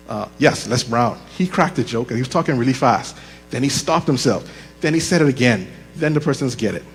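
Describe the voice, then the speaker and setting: A man teaching a leadership workshop into a handheld microphone, chatty and joking, slowing down to make his points. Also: mid-range voice, expressive, faint music behind. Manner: conversational and joking, slows down deliberately. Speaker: leadership course instructor. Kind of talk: live workshop talk. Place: church room with audible echo. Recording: reverberant hall with mains hum.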